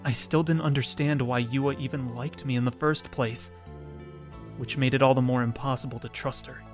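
A man reading the inner monologue of a gloomy, reclusive teenage boy from a visual novel, in a low and mopey voice. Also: fairly even intonation, moderate pace, faint music behind, close to an everyday voice.

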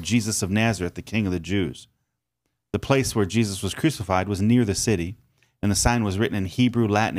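A man, a pastor and podcast co-host, reading scripture aloud in an earnest, steady way with occasional halting fillers. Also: lowish voice, no room sound, clean studio sound.

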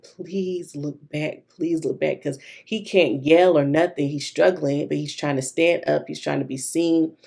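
Low, gravelly woman chatting to viewers. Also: mellow. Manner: chatty storytelling addressed to viewers. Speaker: planner vlogger. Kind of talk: casual chat while decorating a planner.

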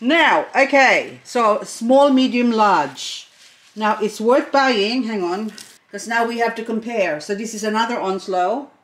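A middle-aged woman chatting casually as she unboxes plants, gushing and excitable, talking to each plant as she goes. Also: a little high, a little slow. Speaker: succulent vlogger.

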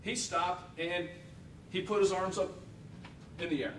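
Speaking unhurriedly in a slightly bright voice with fairly even intonation, a male defense attorney leads a witness through cross-examination. He uses short questions and keeps checking that the witness agrees, heard distantly in an echoey room over a faint rumble.

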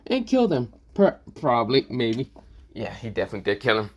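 A man's voice: medium pitch, very animated, fairly quick, a little mellow. A man casually narrating a fan-made story, rambling with lots of filler words and restarts.

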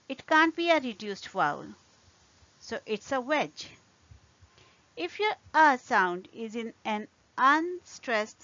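A woman teaching an English pronunciation lesson, speaking deliberately and repeating example words carefully. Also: a little high, a bit bright, no echo, lo-fi sound.

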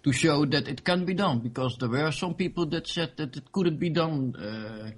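A man's voice: fairly high pitch, normal speed. A man being interviewed about his game mod, talking casually with many fillers and restarts. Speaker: interview guest, game modder.

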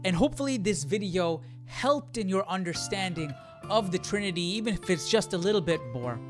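A man who hosts a video channel talks casually as he reacts to a clip. He thinks aloud with curiosity, and his voice sits a bit high. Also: animated, brisk, music in the background. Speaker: host.

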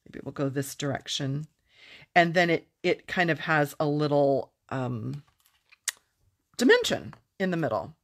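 A middle-aged woman walks through a craft tutorial in a low, unhurried voice. She chats casually and pokes fun at herself, laughing easily along the way. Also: lively intonation. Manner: chatty, self-deprecating, laughs easily. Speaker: papercraft demonstrator.

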